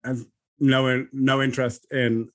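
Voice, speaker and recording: Young man, mid-pitched voice, podcast co-host, casual storytelling with laughs. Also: level tone, measured pace.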